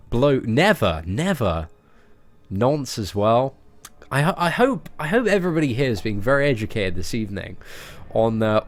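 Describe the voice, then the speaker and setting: A British man streaming a game live, chatting casually with viewers in a playful, joking way and laughing often. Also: fairly low pitch.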